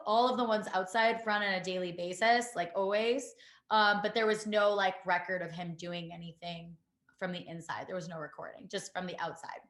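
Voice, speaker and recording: A woman, a podcast guest, telling a painful personal story in a halting way, full of fillers and restarts. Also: mid-range voice, fairly bright tone, roomy sound. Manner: halting, many fillers and restarts, quotes others.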